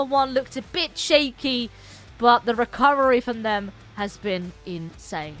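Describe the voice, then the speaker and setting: A woman calling fast play-by-play as co-caster of a live esports match, laughing easily. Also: a little high, a bit bright, a little hiss or hum.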